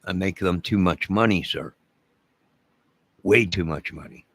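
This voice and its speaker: A man's voice: low-pitched, unhurried, fairly bright tone, no echo. A man from Chicago in a rambling direct-to-camera rant, menacing and repetitive, leaning hard on his words for emphasis.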